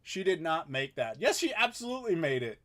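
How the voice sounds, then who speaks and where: A man in his thirties chats easily through a live question-and-answer stream from his home. His voice sits a bit high for a man. He laughs often and keeps things relaxed at a desk mic. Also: brisk. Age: 30s. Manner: easygoing and chatty, laughs often. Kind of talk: casual live Q&A chat. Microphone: desk mic in front of him.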